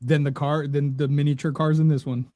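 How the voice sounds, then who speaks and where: A man co-hosts a casual podcast and tells rambling, sweary stories. His voice sits a bit high. The recording is dry and close-miked. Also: level tone, brisk, mellow, no room sound. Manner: rambling storyteller, swears freely. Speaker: podcast co-host.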